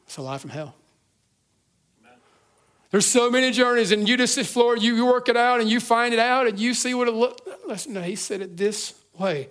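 High-voiced fervent male preacher. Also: lively intonation, normal speed. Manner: earnest, swells from hushed to fervent, frequent restarts. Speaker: pastor. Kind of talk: sermon. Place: church service.

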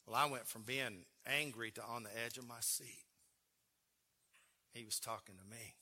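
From the pulpit of a church sanctuary, he delivers a story-driven sermon in a sharp, forceful, medium-pitched voice at a moderate pace. His speech is earnest and emotional, with frequent stumbles and repeated words.

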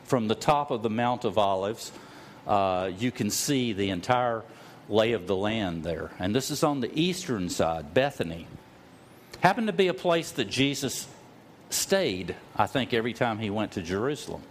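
A middle-aged man delivers a sermon in a storytelling way, and his voice moves through a wide pitch range. He drops low and slow on the words he wants to stress, then climbs to loud cries. A faint room hum sits under his voice. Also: expressive. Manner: storytelling preacher, slows for emphasis, rises to loud cries. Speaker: pastor.

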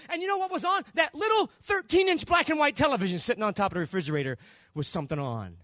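An older man preaching a Pentecostal sermon in a very high, lively voice that climbs and drops sharply. He swings from near whispers to shouts as he acts out his story. The sound is dry and close. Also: quick pace, dry recording. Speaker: pastor.

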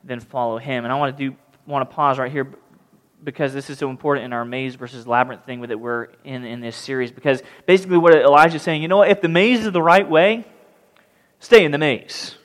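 A man preaching a sermon as pastor, reading scripture and acting out scenes with mocking, lively voices. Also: mid-range voice, a little fast. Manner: animated, mocking voices when retelling the story.

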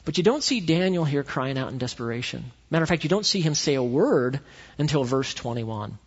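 A male pastor preaching a sermon in a church, telling the story with animated swings between loud and quiet delivery. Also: medium pitch, brisk, slightly rough. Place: church sanctuary. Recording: echoey hall, dull lo-fi sound.

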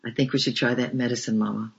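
A humble, gentle pastor speaks quietly and pleadingly, read by a man. The voice is gravelly and husky, with a narrow, even pitch. The recording sounds dull and lo-fi. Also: fast. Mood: anxious.

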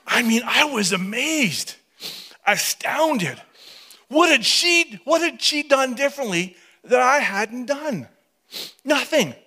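Bright, high-voiced man preaching a story. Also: slow pace. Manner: animated, dramatic storytelling that drops to hushed tones. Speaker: pastor. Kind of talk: storytelling sermon.

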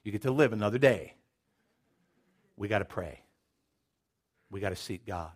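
A man acting out the prophet Daniel as a calm, faithful young man, speaking low and hushed to his friends. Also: moderate pace, natural voice. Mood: urgent calm.

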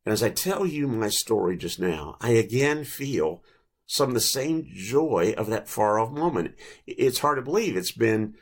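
Older male preacher, gravelly and low-pitched, gentle reflective storyteller, sermon delivery. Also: expressive. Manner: gentle, reflective storytelling with pauses and small restarts.

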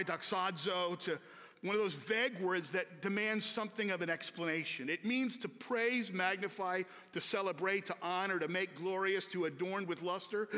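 A man, a pastor, preaching a sermon slowly and earnestly with emphatic repetition, in a church sanctuary. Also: high-pitched, sharp tone. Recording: long reverb of a large hall.

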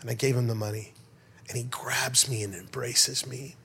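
A middle-aged pastor giving a sermon, telling stories in an animated way and calling out to his congregation. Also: mid-range voice, normal speed, gravelly, husky. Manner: animated storyteller, rhetorical calls to the crowd. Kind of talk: sermon with storytelling.

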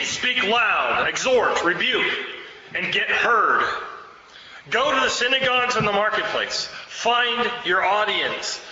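Fervent preacher in an echoey hall. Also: male voice, high-pitched, pushed and bright, a little hiss or hum. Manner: fervent, exhorting. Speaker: pastor. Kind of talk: sermon. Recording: echoey hall, dull sound.

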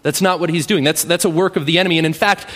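A man delivers a sermon in a relaxed, conversational manner, often tagging his points with a quick question. His voice sits a little high, and a long reverb trails behind it, as in a large church hall. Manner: conversational, frequent "right?" tags. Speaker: pastor.

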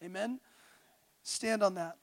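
High-voiced man preaching with passion. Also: slow pace, dry recording. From California, USA. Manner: passionate, swings from quiet intimate tones to loud exhortation. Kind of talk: sermon.

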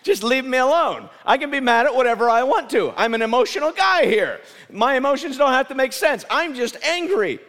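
A man's voice: very high voice, expressive, brisk, hardly any pauses, a bit bright, voice pushed up. A preacher putting on a whiny sulking grown man. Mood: petulant. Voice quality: whiny, raised voice. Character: sulking, self-pitying grown man, petulant and emotional. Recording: reverberant hall.

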